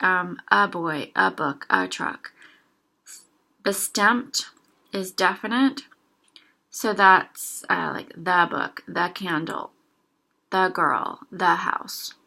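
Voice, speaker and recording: A young woman giving a casual language lesson, slowly sounding out single words one at a time for listeners to repeat. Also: medium pitch, gravelly, pushed and bright. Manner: slow, careful word-by-word pronunciation drills. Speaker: language teacher.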